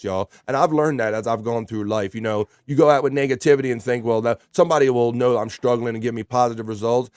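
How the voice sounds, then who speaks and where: Male streamer, casual and chatty, mid-pitch; dry close sound with faint music beneath. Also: no echo. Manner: relaxed, chatty, reads slowly then riffs. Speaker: livestream host. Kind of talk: casual horoscope reading to chat.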